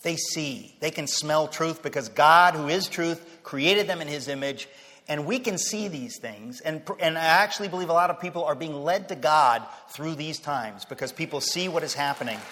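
A man giving an impassioned sermon-style speech to a Christian audience, emphatic and fervent, swinging from low, quiet passages to loud declarations. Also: moderate pace. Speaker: speaker addressing a Christian audience. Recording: long hall reverb, faint crowd.

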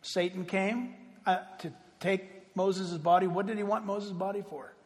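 Man preaching, high-pitched, animated, loud then hushed, long echo of a big church hall. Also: a little slow. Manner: animated, swinging between loud exclaims and hushed asides. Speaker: pastor. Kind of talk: sermon. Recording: reverberant hall.

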